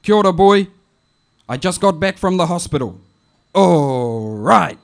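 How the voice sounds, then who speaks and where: Man doing a shrill hollering old auntie. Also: animated, a little slow, gravelly, exaggerated voice. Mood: boastful. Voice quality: shrill and loud, calling out. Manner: scolding, hollering, laughing at herself. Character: loud teasing elderly Māori auntie, bossy and affectionate. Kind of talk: comic poetry performance.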